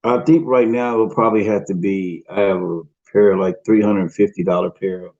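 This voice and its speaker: A man's voice: on the low side, fairly even intonation, a little fast, darkish tone. A man co-hosting a casual late-night chat show, joking in a slangy way. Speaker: podcast co-host. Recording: lo-fi dull sound.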